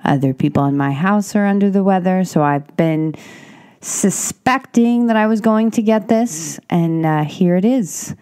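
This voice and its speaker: A woman hosting a solo podcast, rambling and self-reflective, breathy and congested with a scratchy throat from a cold. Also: mid-range voice, measured pace, dark tone. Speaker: podcast host.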